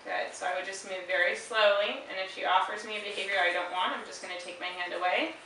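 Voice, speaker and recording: Bright-voiced woman dog trainer, echoey room. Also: quick pace. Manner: calm explaining, with brief high-pitched praise to the dog. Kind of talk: instructional demonstration. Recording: very echoey room, mic far off, faint hiss.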